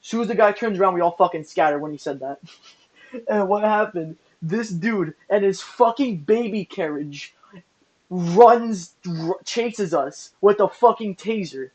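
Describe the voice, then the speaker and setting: A man in a casual podcast chat, telling a wild story in an excitable, profane way, often laughing. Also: high-pitched, measured pace. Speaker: podcast co-host. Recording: muffled lo-fi audio.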